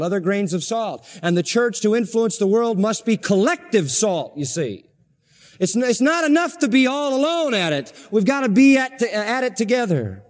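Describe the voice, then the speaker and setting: High-voiced pastor guy preaching hard, lots of repeats, hall reverb. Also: darkish tone. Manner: emphatic, repetitive preaching with sudden slow stressed phrases. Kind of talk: sermon.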